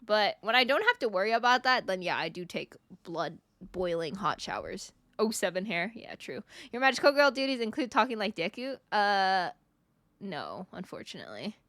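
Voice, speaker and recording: Giggly vtuber girl chatting w chat, bright sharp voice, dry close sound. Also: mid-range voice, normal speed, no echo. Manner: playful, giggly, animated. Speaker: VTuber streamer. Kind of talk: casual stream chat reading viewer messages.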